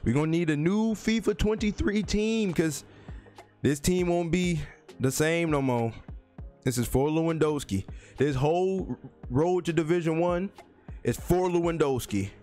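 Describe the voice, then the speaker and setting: A man giving live commentary on a football video game, trash-talking and jumping into high yelps, his voice cracking. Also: unhurried, warm tone, soft background music. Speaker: gaming YouTuber.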